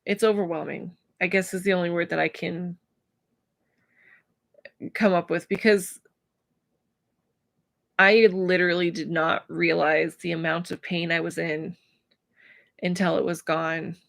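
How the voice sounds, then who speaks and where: A woman's voice: on the low side, fairly even intonation, creaky, no room sound, studio quality. Emotional woman talking to camera. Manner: emotional, searching for words, many pauses and fillers. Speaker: vlogger. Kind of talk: personal vlog talking to camera.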